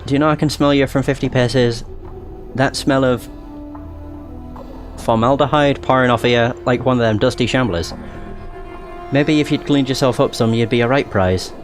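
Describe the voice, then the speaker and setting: A man's voice: medium pitch, moderate pace, pauses often, faint music behind, lightly acted. Annah, a tart young tiefling woman, read by a man. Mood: teasing. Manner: reads dialogue aloud with little voice change.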